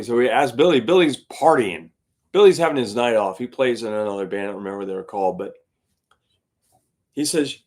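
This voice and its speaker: Male host, gigging guitarist, loose rambling chat, mid-pitched voice, many fillers. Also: animated, a little fast, a little mellow. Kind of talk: casual chat to a live stream audience.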